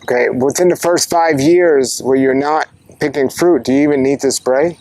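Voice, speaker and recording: A man's voice: mid-range voice, moderate pace, a little mellow. A man who hosts a fruit-growing channel interviews a farmer and signs off with enthusiastic, upbeat presenting. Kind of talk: interview and sign-off.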